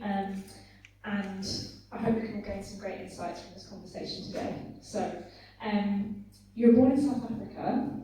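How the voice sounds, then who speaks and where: Mellow, even-voiced woman hosting a conference talk. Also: medium pitch, far from the mic, a little hiss or hum. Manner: reads her introduction with many ums and uhs. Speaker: interviewer and conference host. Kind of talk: introduction and interview questions. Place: conference hall. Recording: very echoey hall, voice from off-mic.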